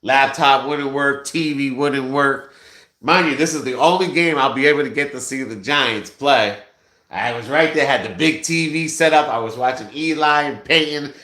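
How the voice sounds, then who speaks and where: A man chatting casually on his vlog, telling an animated story full of swearing and bursts of shouting. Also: medium pitch, normal speed, echoey room. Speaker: vlogger.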